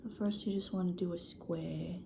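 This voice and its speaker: A woman's voice: on the low side, steady tone, moderate pace, vocal fry, background noise. A young woman chatting casually and joking while crafting at home with a friend. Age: young adult. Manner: playful, jokey, laughs often. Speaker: vlogger. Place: home, indoors.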